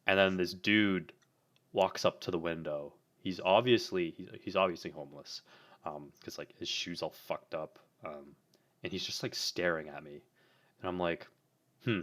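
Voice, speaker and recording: A young man with a very deep voice tells a rambling story as a co-host. He says "like" over and over and swears casually. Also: fairly even intonation, normal speed, a bit bright.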